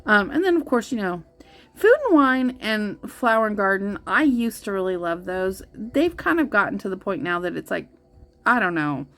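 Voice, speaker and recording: A woman's voice: medium pitch, big pitch swings, normal speed, fairly bright tone. A woman in her thirties hosting a casual vlog, rambling with many fillers and restarts, gushing and easily moved. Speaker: tarot channel host. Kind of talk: casual coloring-and-chat vlog.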